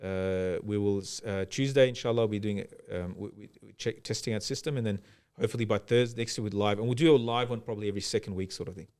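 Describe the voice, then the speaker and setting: A man's voice: lowish voice, quick pace, hardly any pauses, a little mellow, clean tone. A man co-hosting a podcast, chatting casually and hesitantly with lots of fillers and restarts. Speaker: podcast co-host. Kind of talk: casual chat.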